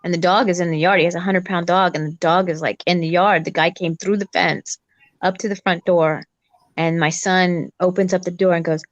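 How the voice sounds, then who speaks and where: A woman telling a story in a casual chat, animated and acting out sounds as she goes. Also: lowish voice, fairly quick, dry recording, lo-fi sound.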